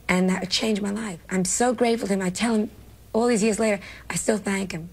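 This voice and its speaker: Gravelly New woman telling stories. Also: mid-range voice, a little fast. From New York. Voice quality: gravelly, husky. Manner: animated storyteller acting out quoted lines. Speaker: comedian interview guest. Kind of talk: television interview recollection.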